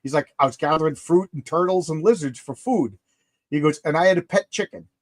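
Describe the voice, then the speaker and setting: NY guy, high-pitched, chatty anecdote-teller who does the voices. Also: fairly quick. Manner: rambling anecdotes, acts out quoted people. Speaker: podcast host, comic artist. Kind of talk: casual storytelling chat.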